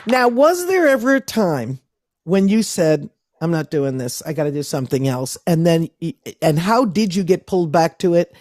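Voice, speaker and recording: A woman's voice: fairly low pitch, very animated, normal speed, darkish tone, dry recording. Woman host with a dry, close sound. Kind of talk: casual interview chat.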